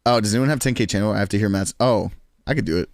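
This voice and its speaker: In a clean studio recording with no echo, a twenty-something man with a New York accent talks very fast in a fairly low voice. He chats loosely with his stream viewers, swearing and laughing a lot.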